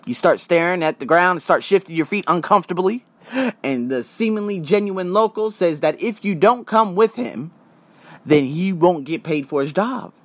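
An animated young man rants through a story into a close, dry mic, his voice jumping up and down in pitch. He swears freely and slips into quick impressions of the people he meets. His voice sits a little high. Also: no echo. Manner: animated, profane, acts out other people's voices. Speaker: podcast host. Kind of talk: casual storytelling rant.

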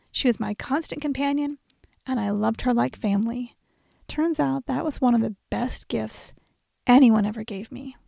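Creaky-voiced woman host narrating. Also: on the high side, a little mellow, no echo, studio quality. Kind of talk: scripted narration.

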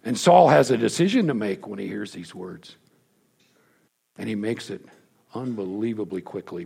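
A man preaching a sermon, telling the story emphatically and dropping to hushed lows. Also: big pitch swings, normal speed, creaky, husky.

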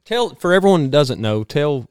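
A man, hosting a podcast in a home studio and chatting in an excitable, rambling way. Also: fairly high pitch, normal speed, clear, resonant tone, dry recording. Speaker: podcast host. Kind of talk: casual chat.

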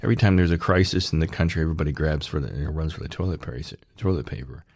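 A man hosting his own online channel in a loose, rambling monologue. His voice is very low, and the sound is dry and close with no room echo. He slips in sarcastic jokes and restarts his sentences often. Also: very fast, a little mellow, breathy edge. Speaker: channel host.

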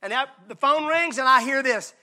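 A male pastor preaching a sermon. He swings from hushed, intimate lines to loud, shouted emphasis. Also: very high voice, moderate pace.

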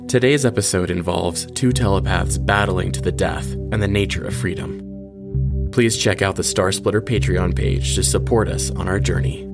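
A man hosting his podcast and narrating a first-person science-fiction short story in a measured, steady way. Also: low-pitched, gravelly, loud music behind the voice.

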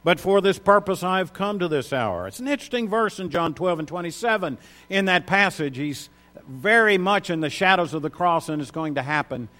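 A man's voice: high voice, expressive, brisk, bright, forceful tone. A man preaching a sermon, reading Bible verses aloud and stressing key words with rising emphasis.

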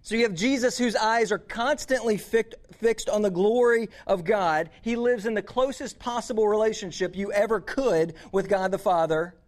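High-voiced youth preacher. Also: male voice, moderate pace, hardly any pauses. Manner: conversational, earnest, repeats words. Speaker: youth pastor. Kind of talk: sermon to teenagers.

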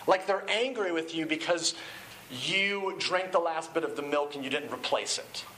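A male pastor preaching a sermon in an animated, conversational way. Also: on the high side, moderate pace, slight background noise, poor audio. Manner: conversational, animated, acts out quoted shouting.

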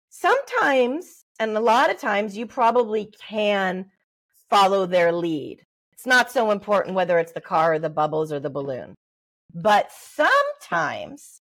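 A middle-aged woman giving parenting advice in a podcast interview, lively and acting out little exchanges with babies. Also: mid-range voice. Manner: animated, acts out parent-baby talk. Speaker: guest, early development expert.

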